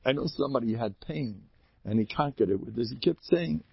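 Male rabbi, lively swooping storyteller, dry close lo-fi sound. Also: fairly quick, creaky, breathy edge, no room sound. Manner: animated, acts out characters with sudden high shouts. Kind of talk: storytelling Torah talk.

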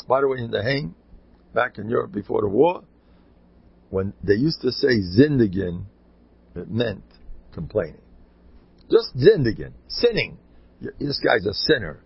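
An older man delivering a loose, story-filled Torah talk. His voice is gravelly and a little husky, and he rambles and repeats himself before breaking into high, loud urging. The recording is dull and lo-fi. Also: big pitch swings, measured pace, long pauses. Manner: rambling, repetitive, bursts into loud high exhortation. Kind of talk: informal Torah talk with stories.

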